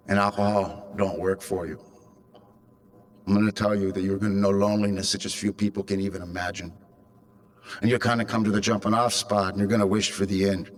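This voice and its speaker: Low-voiced man telling a raw story. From California. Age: 50s. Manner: raw, darkly humorous storytelling. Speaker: recovery meeting speaker. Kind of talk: personal story told to a convention audience.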